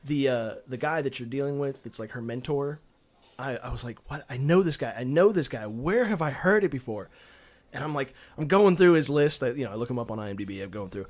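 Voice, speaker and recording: A man co-hosting a casual gaming podcast, talking in a rambling, animated way with frequent restarts and casual swearing. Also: medium pitch, fairly quick. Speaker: podcast co-host. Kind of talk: casual chat.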